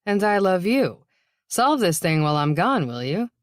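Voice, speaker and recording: A woman's voice: lowish voice, big pitch swings, normal speed, dry recording, clean studio sound. A woman voicing a weary, wisecracking woman police detective in an audiobook, blunt and wry. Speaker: character voice.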